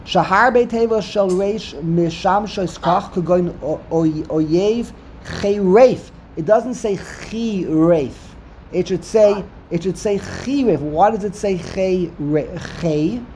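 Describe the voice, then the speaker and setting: A man's voice: sits high, a little mellow, a little hiss or hum. A man teaching a study class on Hebrew grammar, explaining step by step and urging listeners to look closer.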